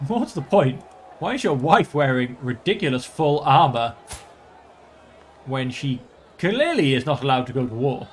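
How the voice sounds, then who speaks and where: A man's voice: fairly high pitch, very animated, normal speed, fairly bright tone, soft background music. Theatrical man narrating a strategy game. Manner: slips into mock-archaic, theatrical speech as his ruler. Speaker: let's play host. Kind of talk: gameplay commentary with role-play.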